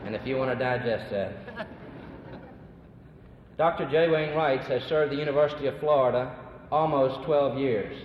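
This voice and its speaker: A young man serving as student body president, formally introducing committee members and guests at a symposium. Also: medium pitch. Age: young adult. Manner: formal, ceremonious, brisk. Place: large hall at a symposium. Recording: echoey hall on a dull, noisy old recording.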